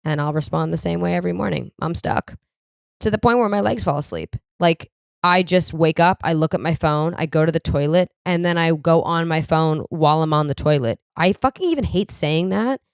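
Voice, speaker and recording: A woman's voice: deep voice, fairly quick, creaky, smooth, no echo, clean studio sound. A young woman hosting a solo podcast, ranting with lots of swearing and self-deprecating humor. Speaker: podcast host. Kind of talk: solo comedic podcast monologue.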